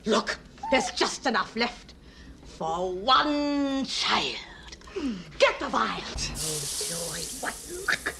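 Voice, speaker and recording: An actress playing a vain, scheming eldest witch sister, shrill and commanding, in a film clip. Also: animated, very slow, gravelly, background noise, exaggerated voice. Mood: gloating. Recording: film audio with score behind.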